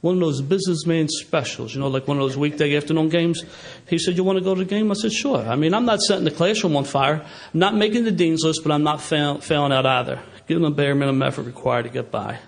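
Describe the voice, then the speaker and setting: A middle-aged man with a Philadelphia accent, telling stories as an AA speaker at a recovery meeting, animated and laughing as he talks. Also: fairly high pitch, quick pace, creaky, hardly any pauses. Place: meeting hall with a live audience.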